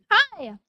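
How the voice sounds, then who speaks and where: A woman's voice: sharp tone, no echo, muffled recording. A young woman streaming casually, bubbly and giggly as she greets her chat one by one.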